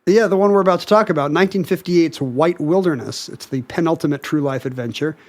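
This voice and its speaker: A podcast co-host chats casually, explaining facts and looking details up on the spot as he talks. His voice is fairly high with a darkish tone, and he talks fast.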